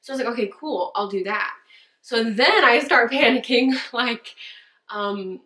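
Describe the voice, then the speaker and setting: A woman's voice: on the high side, unhurried, sharp tone. A young woman telling a story in a casual vlog, chatty and rambling, with many fillers and restarts. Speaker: vlogger and church worship leader. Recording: roomy echo.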